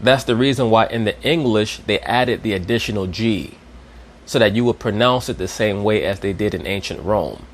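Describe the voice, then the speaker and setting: A man's voice: on the low side, moderate pace. A man giving a lecturing commentary, didactic and checking in with his listeners. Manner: didactic, repeats "you understand?".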